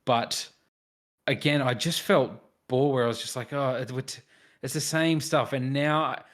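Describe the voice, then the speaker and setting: A man's voice: medium pitch, steady tone, measured pace, fairly bright tone. A man co-hosting a film review podcast, chatting casually and acting out his own reactions as he tells the story. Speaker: podcast co-host reviewing films. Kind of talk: casual chat.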